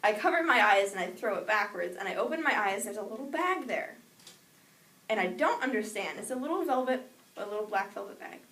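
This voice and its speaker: A young woman telling a personal childhood story in a lively way, acting out the voices she quotes. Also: mid-range voice, a little fast. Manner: animated, acts out quoted voices. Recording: echoey room with noise, mic at a distance.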